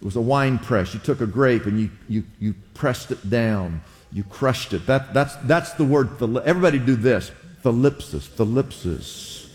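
A pastor giving a sermon in a conversational style, often asking the congregation to repeat words back. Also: male voice, medium pitch, lively intonation, moderate pace, hardly any pauses, darkish tone. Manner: conversational preaching with audience call-and-response. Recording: long hall reverb.

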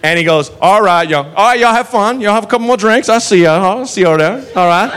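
A man's voice: sits high, expressive, fast talker, fairly bright tone, pitched above the performer's own voice. A man voicing a huge, cheerful male police officer with a breezy, friendly drawl. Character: jaunty giant southern male cop, cheerful and unflappable.

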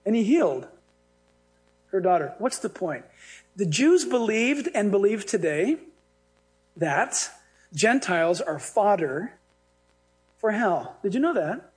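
A male pastor preaching a sermon in a lively, humorous way, acting out the dialogue he tells. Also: high-pitched, slow pace, long pauses.

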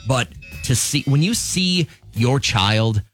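Middle-aged guy doing morning radio, chatty and upbeat, mid pitch, bit of music under him. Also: lively intonation, slow pace, fairly bright tone. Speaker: radio show host.

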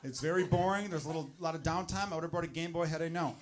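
A man's voice: fairly high pitch, quick pace, heavy background noise. A man doing a stand-up set with crude, exasperated storytelling. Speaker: stand-up comedian.

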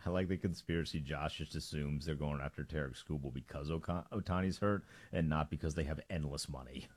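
A man's voice: very deep voice, brisk. A man co-hosting sports radio in an easygoing, joking manner.

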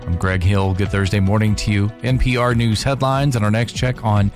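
A man giving local station announcements on morning radio with a steady, routine delivery. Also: lowish voice, moderate pace. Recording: voice over music bed.

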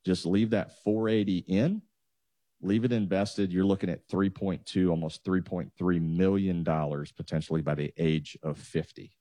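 A man's voice: sits low, fairly even intonation, moderate pace, mellow, dry recording. A man, a financial advisor patiently walking listeners through numbers on a talk show. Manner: explanatory, walks through numbers step by step.

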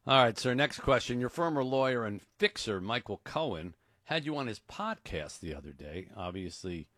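A man hosting a comedy radio interview, asking brisk questions and playing it straight. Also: medium pitch, sing-song, pushed and bright, no room sound, studio quality. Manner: plays it straight, brisk questions, laughs along. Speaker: radio show host.

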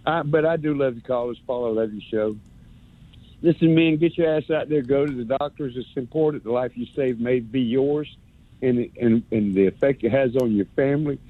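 A man's voice: mid-range voice, normal speed. A man calling in to a radio sports show, rambling and sarcastic, stumbling over his words. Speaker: radio caller. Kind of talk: rambling call-in rant. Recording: muffled phone line.

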